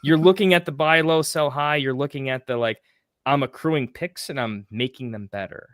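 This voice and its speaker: A man in casual podcast chat about fantasy football, rambling and excitable, with frequent restarts and casual swearing. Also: medium pitch, moderate pace, dry recording, studio quality.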